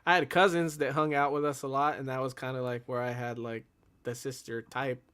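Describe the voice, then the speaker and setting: A man's voice: medium pitch, flat delivery, a little fast, fairly bright tone, smooth. A man guesting on a casual movie review chat, rambling in an easygoing way with frequent "yeah" and "like".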